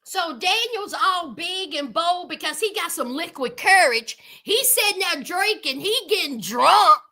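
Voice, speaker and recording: A woman's voice: extremely high pitch, animated, unhurried, bright, forceful tone. A woman giving outspoken reaction commentary on a reality show, calling her viewers honey.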